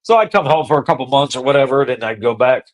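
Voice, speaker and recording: A man hosting a podcast, telling a road-trip story in casual, profane, slangy talk that gets animated. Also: medium pitch, fast talker. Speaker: podcast host.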